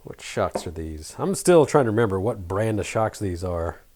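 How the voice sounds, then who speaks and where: A middle-aged man with a faint, mostly flattened Southern American accent, chatting casually and muttering to himself while working at a bench. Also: fairly low pitch, moderate pace, a little hiss or hum. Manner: rambling, self-deprecating, mutters while working. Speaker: hobby shop owner building an RC truck.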